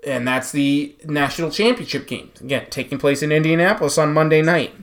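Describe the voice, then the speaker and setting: A man co-hosting a casual sports podcast, his voice pitched slightly high. He states firm opinions, then moves the conversation on in a relaxed, chatty way. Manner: opinionated, quick to agree, steers the show along. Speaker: podcast co-host.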